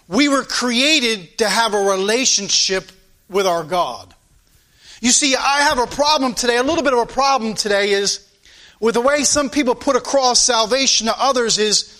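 High-pitched, bright-voiced fervent preacher man. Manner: fervent preaching with repeated phrases and drawn-out emphasis. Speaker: pastor. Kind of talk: sermon.

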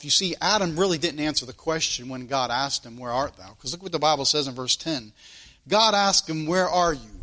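A male preacher delivers a sermon in a high, bright voice. He talks earnestly, putting question after question to the congregation and circling back over his own phrases.

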